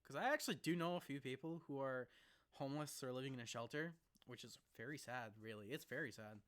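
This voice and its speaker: A young man vlogging casually into a laptop mic, rambling and laughing as he talks, sometimes rushing and sometimes slowing down. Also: mid-range voice, fairly bright tone. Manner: rambling, laughs often, jumps between fast and slow. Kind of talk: casual to-camera vlog.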